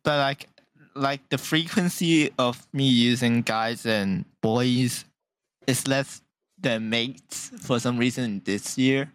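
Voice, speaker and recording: Slow-talking man joking with friends. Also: medium pitch, no room sound. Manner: joking, laughs often, slow drawn-out phrasing. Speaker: podcast co-host. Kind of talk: casual chat among friends.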